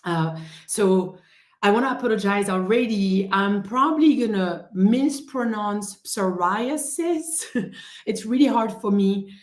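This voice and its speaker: A woman's voice: medium pitch, lively intonation, takes it slowly, echoey room. A woman with a French accent, a rheumatologist hosting a casual live-stream lesson, chatty and full of "uh" and "um" fillers.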